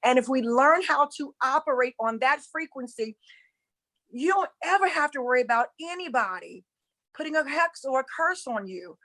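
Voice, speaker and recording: A woman's voice: high voice, expressive, normal speed, bright, forceful tone, rough recording. A woman, a spiritual coach and former preacher, speaking in an emphatic, preaching style and repeating her points while addressing listeners as y'all. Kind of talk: impassioned preaching-style talk.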